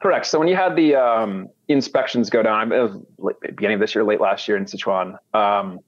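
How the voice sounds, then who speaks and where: A man's voice: lowish voice, a little fast. An American man talking casually as an interview guest, rambling with many restarts. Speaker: guest, commodity trader. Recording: dull, dry sound.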